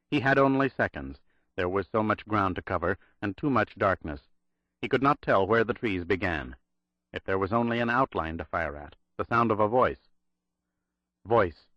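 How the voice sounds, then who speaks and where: A man narrating a thriller audiobook in a measured, dramatic read. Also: lowish voice, fairly bright tone, no room sound, lo-fi sound.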